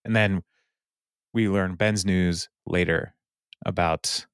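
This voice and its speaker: Low, smooth-voiced man recapping casually. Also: expressive, slow pace, dry recording, studio quality. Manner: retells scenes animatedly, acting out characters' lines with laughs. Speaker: podcast co-host.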